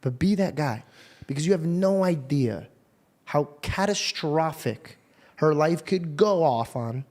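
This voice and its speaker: A man's voice: a little high, animated, unhurried, darkish tone. Earnest slangy podcast host, man. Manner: earnest, swears often, loose slangy talk. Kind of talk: casual storytelling chat.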